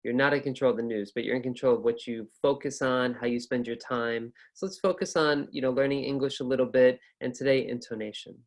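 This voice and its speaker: A man's voice: medium pitch, fairly quick, hardly any pauses. Upbeat American man teaching a lesson. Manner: upbeat, chatty, with fillers and restarts. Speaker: ESL and test-prep teacher. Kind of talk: casual online lecture.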